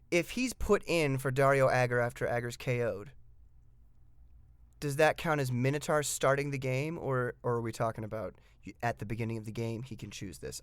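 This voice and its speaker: A man's voice: mid-range voice, clear, resonant tone, no echo. A man giving a casual, enthusiastic hobby review of tabletop game pieces, reading the rules aloud and commenting between frequent fillers.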